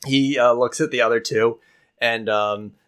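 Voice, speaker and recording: Brief: male game master, relaxed narration, filler-heavy. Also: mid-range voice, unhurried, clean tone. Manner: casual, hesitant, many fillers.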